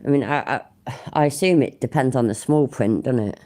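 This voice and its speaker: A woman's voice: very deep voice, brisk, warm tone. A woman hosting her channel and commentating on a clip in a blunt, casual way, with easy swearing and chatty asides. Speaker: channel host reacting to a clip.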